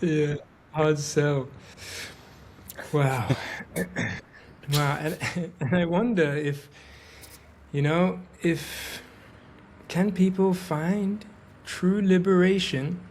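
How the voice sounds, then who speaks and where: Slow, higher-voiced man musing aloud. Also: a little mellow, slight background noise. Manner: thoughtful, musing questions with pauses. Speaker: podcast host. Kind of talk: casual conversational interview.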